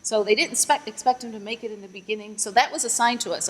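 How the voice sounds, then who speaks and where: Husky mom telling her story, earnest, big echoey space. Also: a little high, fast talker, hardly any pauses. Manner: earnest, retells prayers with rising emphasis. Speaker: mother sharing a testimony. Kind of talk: emotional testimony interview. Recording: long echoing reverb.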